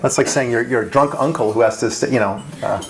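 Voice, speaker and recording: A radio talk show host giving a speech to a dinner audience, punchy and rhetorical, with frequent asides asking "right?" and small laughs. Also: male voice, medium pitch, a little fast, crowd noise. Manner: conversational, with restarts and small laughs.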